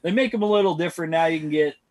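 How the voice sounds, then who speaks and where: A man, a guest on a podcast, telling stories in a calm, matter-of-fact way. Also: fairly high pitch, racing. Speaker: podcast guest, former boss. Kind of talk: casual chat.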